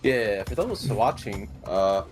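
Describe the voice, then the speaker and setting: Halting, filler-heavy male co-host, lowish voice, game music clearly audible. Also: expressive. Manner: rambling, halting, many fillers, talks while eating. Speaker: stream co-host. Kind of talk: casual chat on a game stream. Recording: livestream with game music behind.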